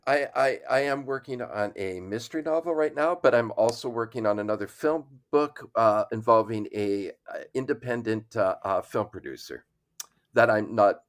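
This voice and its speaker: A man appearing as a film critic guest, speaking in halting, stammering bursts. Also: medium pitch. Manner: halting, stammers and repeats words. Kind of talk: casual interview.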